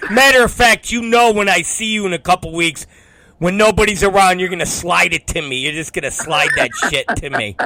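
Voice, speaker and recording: A man's voice: high-pitched, vocal fry, pushed and bright, a little hiss or hum. A man hosting a podcast, teasing and swearing in casual banter. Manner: crude, teasing, profane. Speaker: podcast host.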